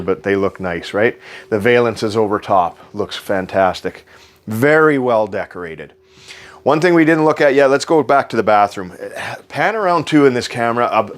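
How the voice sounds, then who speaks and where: Enthusiastic salesman, joking. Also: on the low side. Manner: enthusiastic, joking, repeats selling points. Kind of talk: casual sales walkthrough. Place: inside a travel trailer.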